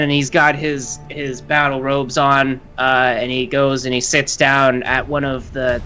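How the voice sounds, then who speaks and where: A man's voice: medium pitch, pushed and bright. A man playing a tabletop game and describing his character in rambling casual talk full of fillers. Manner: rambling, lots of "like" and restarts. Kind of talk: casual play-along chat.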